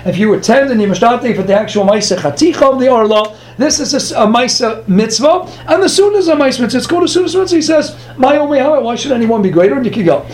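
A man teaching a Torah class, quoting Hebrew sources and translating them, with lively storytelling and quick asides to his listeners. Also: extremely high pitch. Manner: reads Hebrew sources then translates them into plain English.

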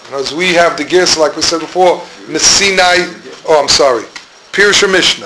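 A middle-aged man, teaching a Torah class in a loose, wandering way. His voice sits a little high for a man, and he often stalls while he hunts for a word. The recording carries steady background noise. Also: moderate pace. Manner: rambling, searching for words, mixes Hebrew and Yiddish terms. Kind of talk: informal Talmudic lecture. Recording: noisy room recording.

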